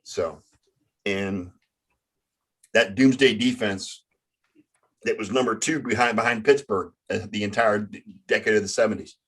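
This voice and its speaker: A man hosting a casual sports talk show, halting and often stumbling over his words. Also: on the low side, fairly even intonation, fairly bright tone, breathy edge. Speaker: sports podcast host.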